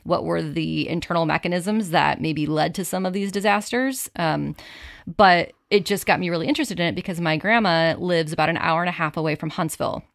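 A woman's voice: on the low side, a little fast, gravelly, no echo, studio quality. A young woman from the Chicago suburbs with a Chicago accent, a guest chatting casually and upbeat, often repeating words as she talks. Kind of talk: casual chat.

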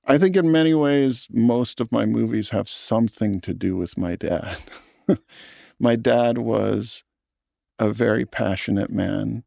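A man, a film director, talking in an interview in a thoughtful, earnest way with halting restarts. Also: mid-range voice, creaky, warm tone, dry recording, studio quality. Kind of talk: reflective interview talk.

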